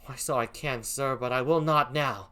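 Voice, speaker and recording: A streamer reading a gentle, pleading young noblewoman in a put-on English accent during an amateur play reading. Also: mid-range voice, normal speed, close to an everyday voice. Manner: earnest, pleading verse reading.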